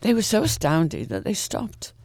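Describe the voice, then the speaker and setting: A man reading a short story aloud in a calm, even way, with the odd small slip. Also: high voice, normal speed, vocal fry, no echo, clean studio sound.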